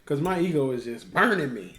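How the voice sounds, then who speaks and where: High, lively man telling stories. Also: brisk, reverberant, crowd noise. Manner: animated storytelling, acting out quotes. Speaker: co-host. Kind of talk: casual chat.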